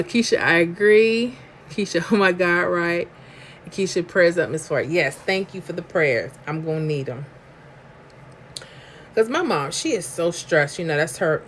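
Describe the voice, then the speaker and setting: Talkative New York-accented woman, low-ish voice, casual live-stream host who reads chat comments aloud and talks slangy and emphatic. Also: slight background noise.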